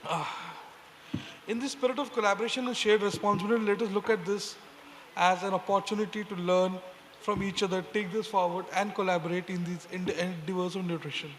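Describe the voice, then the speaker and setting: A man introduces conference panelists on stage in a formal, measured manner, often pausing with fillers. His voice sits fairly high. The sound carries the long reverb of a large hall, with a faint noise underneath. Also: steady tone. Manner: measured, formal, with frequent hesitations. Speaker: panel moderator.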